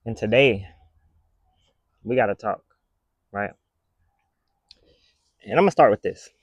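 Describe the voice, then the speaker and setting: A man's voice: fairly low pitch, lively intonation, measured pace, husky, dry recording. A man talking to camera in a casual commentary rant, blunt, emphatic and scolding. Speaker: vlogger.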